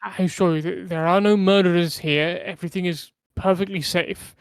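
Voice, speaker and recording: A man doing a shaken middle-aged innkeeper in a tabletop game, who talks in heavy, hesitant phrases. The voice is a little high, gravelly and smooth, on a dry close mic. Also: fairly even intonation, dry recording. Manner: heavy, halting, hesitant speech.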